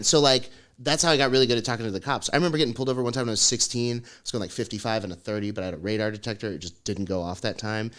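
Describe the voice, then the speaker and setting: A man's voice: medium pitch, racing, few pauses, a bit bright. A young man telling a comic story on a podcast, rambling, laughing often and acting out the people he quotes. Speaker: podcast co-host. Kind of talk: comedic storytelling.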